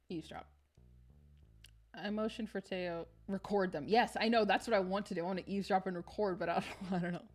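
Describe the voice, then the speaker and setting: A woman's voice: fairly low pitch, a little mellow. A woman streamer playing a story game live, reading the text aloud and reacting with gasps and laughter.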